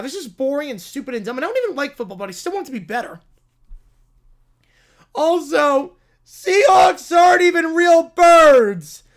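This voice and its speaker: A man's voice: very high-pitched, full character voice. A man doing a whiny Canadian brat. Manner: whining, loud and drawn out. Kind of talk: reading a viewer prompt as a skit.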